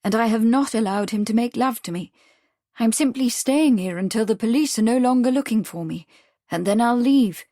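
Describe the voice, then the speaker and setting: A woman voicing a spirited young Victorian woman hiding from the police, speaking briskly and with urgency. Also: fairly high pitch, warm tone, dry recording, studio quality, pitched above the performer's own voice, close to an everyday voice. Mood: lively.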